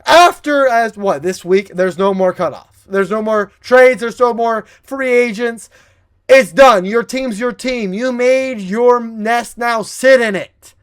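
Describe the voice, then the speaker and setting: A man co-hosting an online league review show, chatting casually with jokes and quick restarts. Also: extremely high pitch, clear, resonant tone. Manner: animated, jokey, trails off and restarts. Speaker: co-host. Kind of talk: casual podcast banter.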